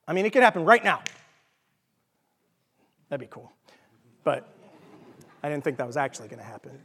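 A man's voice: sits high, fairly bright tone. A man with a Texan accent preaching a casual, jokey teaching sermon, often checking in with his listeners by asking "okay?". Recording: long reverb of a large hall.

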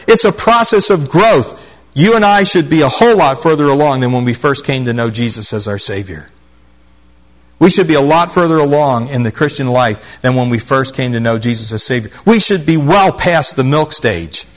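A man's voice: on the high side, fairly bright tone. A man with a slightly raised voice delivers a sermon from the pulpit. He reads scripture verses aloud and presses his points home by repeating the key phrases. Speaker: pastor.

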